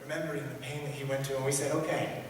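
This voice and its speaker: A man preaching a sermon as pastor, earnest, swinging from loud emphatic lines to hushed ones. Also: medium pitch, little pitch movement, fast, background noise. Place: large church sanctuary. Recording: echoey church hall from far off.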